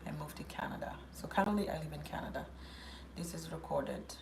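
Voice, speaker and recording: A woman with a low voice hosts a casual live question session. Her tone has a gravelly, creaky edge. She reads viewers' questions aloud and answers them chattily, with firm asides, over a faint hiss. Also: a little fast. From South Sudan.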